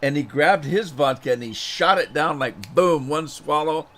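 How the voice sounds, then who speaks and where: Casual storytelling fills this farming-game stream as a man rambles through an anecdote with chuckles and repeated words, later greeting viewers in chat. His somewhat high voice is animated and a bit bright, at a moderate pace.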